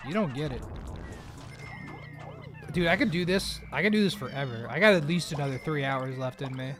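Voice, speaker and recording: Man streamer, slightly high voice, loose and rambly, jokey live chat, faint music under. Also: moderate pace, a bit bright. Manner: rambling, joking, often laughing at himself.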